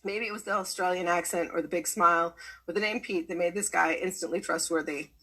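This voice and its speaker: A woman reading a personal story aloud in a measured way, with a husky voice. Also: lowish voice, steady tone, pushed and bright, low-quality recording.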